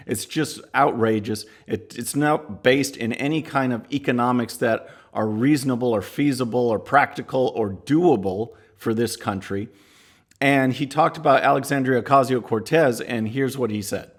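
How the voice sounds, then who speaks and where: A man hosting a political commentary show, talking casually with scornful asides. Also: mid-range voice. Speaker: podcast host.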